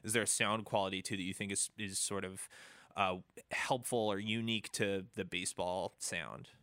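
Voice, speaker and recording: A man's voice: low-pitched, steady tone, moderate pace, sharp tone, no room sound. A man interviewing a guest, asking questions in an enthusiastic, friendly way.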